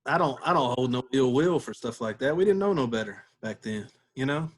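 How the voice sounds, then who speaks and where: With lively intonation, a mid-range voice, and a fairly quick pace, a man who used to be a catcher tells a story as a podcast guest. He keeps it easygoing and laughs along the way.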